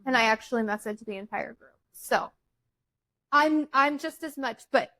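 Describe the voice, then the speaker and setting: Middle-aged woman podcast host, high bright voice, chatty storyteller, dry close sound. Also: moderate pace, dry recording, poor audio. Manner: chatty, teasing, retells stories with quoted dialogue. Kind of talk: casual chat.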